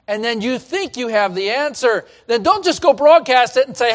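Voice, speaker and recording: A man preaching a sermon as pastor, with animated delivery that swings from loud emphasis to hushed asides, often repeating and restarting phrases. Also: extremely high pitch, moderate pace, hardly any pauses.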